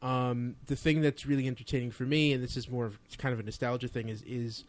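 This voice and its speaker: A man with a middle-pitched voice, co-hosting a casual podcast. He chats and explains his points, restarting now and then. The sound is dry and close. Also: flat delivery, fast, no room sound. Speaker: podcast co-host. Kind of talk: casual chat.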